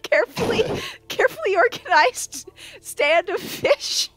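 A woman's voice: very high-pitched, measured pace. A woman running a tabletop game as game master, narrating with frequent laughter and tumbling restarts. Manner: laughs often while narrating, animated with many restarts.

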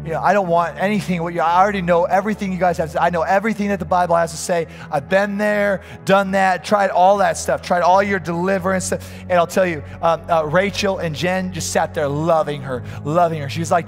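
A man's voice: sits high, fairly even intonation, fairly quick, few pauses, soft background music. A man preaching a fervent sermon as a pastor, stumbling over restarts as he tells a story.

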